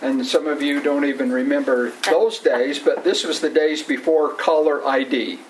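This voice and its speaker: Brief: male coworker, halting anecdote-teller at a retirement event. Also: fairly high pitch, steady tone, poor audio. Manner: rambling, halting, laughs through his story. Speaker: coworker giving a retirement tribute. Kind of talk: storytelling speech at a farewell gathering.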